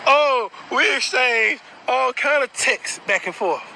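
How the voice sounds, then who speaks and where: A man telling his own story in a blunt, animated way, swearing freely. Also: very high-pitched, creaky, noisy background. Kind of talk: casual storytelling.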